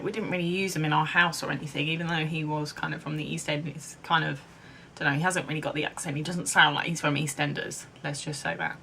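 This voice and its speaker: A woman's voice: deep voice, pushed and bright. A young woman in her twenties from England chatting casually to camera, rambling with lots of "um" and "like". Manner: chatty, rambling, many ums and likes. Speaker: vlogger.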